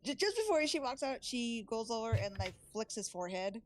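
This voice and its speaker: A woman's voice: a little high, big pitch swings, a little fast. A woman playing a tabletop role-playing game, casually narrating what her character does. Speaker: player.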